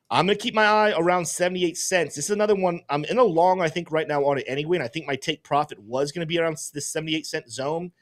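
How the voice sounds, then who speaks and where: A man hosting a casual livestream, thinking aloud and rambling as he works through things. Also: a little high. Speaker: host and trader.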